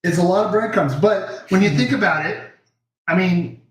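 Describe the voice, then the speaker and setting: A man's voice: high voice, moderate pace, roomy sound, low-quality recording. A man in his thirties hosting a live cooking show, joking and chatting in a kitchen. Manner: joking, chatty, wraps up with sign-off. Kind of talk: casual chat. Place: home kitchen.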